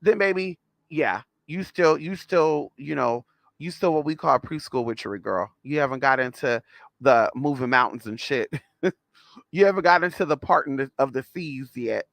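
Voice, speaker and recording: A man's voice: fairly high pitch, normal speed, creaky, a bit bright, no room sound. A man telling a story to his viewers in a sassy, blunt, casual way, calling them girl and honey. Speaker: spiritual vlogger.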